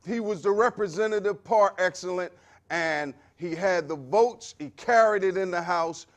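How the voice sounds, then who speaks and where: A man hosting a local community show's news segment, talking in a preacherly, exclamatory way that swings between loud and soft. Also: high-pitched, normal speed. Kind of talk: lively community TV commentary.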